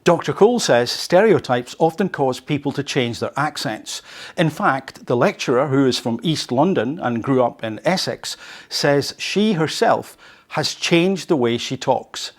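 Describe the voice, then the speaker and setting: A man's voice: mid-range voice, unhurried. Field: chatty man reading and commenting. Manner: conversational, animated asides. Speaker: podcast host teaching English. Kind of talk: reading an article aloud with commentary.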